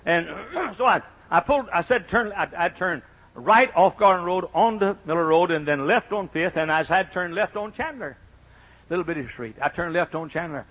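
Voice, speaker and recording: An older male pastor preaching a sermon, swinging from fervent shouting to hushed storytelling, with folksy asides to the congregation. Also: sits high, expressive, normal speed, rough recording.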